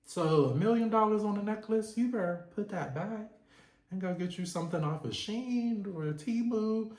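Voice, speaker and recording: A stern, sassy rich husband with a raised, lively voice, as a man puts him on. He scolds his wife in an echoey room. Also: high-pitched, moderate pace, pitched above the performer's own voice. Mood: scolding.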